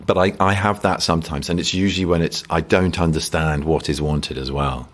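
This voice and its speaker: A man's voice: sits low, steady tone, a little fast. A man, an actor as a guest, talking reflectively and self-deprecatingly in a rambling interview, often restarting sentences.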